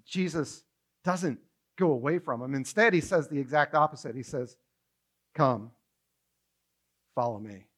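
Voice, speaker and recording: A man preaching a sermon from a stage, lively and acting out the story, with some stammered restarts. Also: fairly high pitch, moderate pace. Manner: animated, acts out dialogue, some stammering restarts. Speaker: pastor. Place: church stage.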